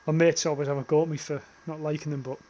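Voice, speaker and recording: A young man from northern England, with a Northern English accent, livestreams a game, chatting casually, swearing, and reading chat aloud. His voice is fairly high and fast, with little pitch movement and a darkish tone.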